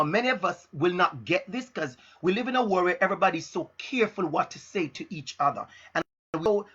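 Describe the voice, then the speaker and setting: Bright, husky-voiced man giving a pep talk. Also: sits high, highs cut off. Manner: emphatic, repeats phrases for stress; frank and direct. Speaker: motivational speaker. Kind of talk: motivational live-stream talk.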